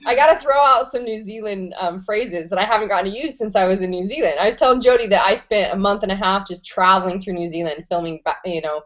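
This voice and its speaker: A woman's voice: mid-range voice, quick pace, hardly any pauses, a bit bright, muffled recording. A woman hosting an online interview show, enthusiastic and slangy, swearing freely and rambling as she talks. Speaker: host.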